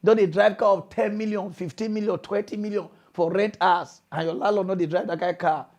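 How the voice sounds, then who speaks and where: High-voiced ranting man, Nigerian Pidgin. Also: brisk. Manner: animated, mocking, preachy lecturing. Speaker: comedy news host. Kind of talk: comedic rant.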